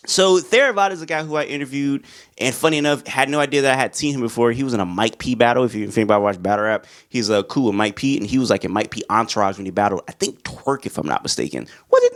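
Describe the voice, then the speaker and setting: A young man talking casually about albums he likes, loose and excitable, full of slang, and now and then singing along to the songs. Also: mid-range voice. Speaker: music reviewer. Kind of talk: casual album review talk.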